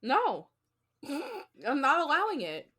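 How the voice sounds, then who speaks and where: A young woman in her twenties co-hosting a casual podcast, her voice pitched slightly high. She talks in a loose, animated way, swearing often and spinning stories. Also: takes it slowly. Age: 20s. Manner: animated, profane, storytelling. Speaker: podcast co-host. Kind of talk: casual chat.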